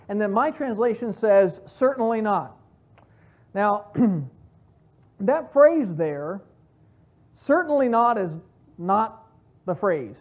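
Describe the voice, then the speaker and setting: A woman's voice: a little high, lively intonation, slow pace, long pauses. A woman teaching a Bible study, explaining scripture in an earnest, emphatic way with frequent restarts. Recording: tinny phone-like sound.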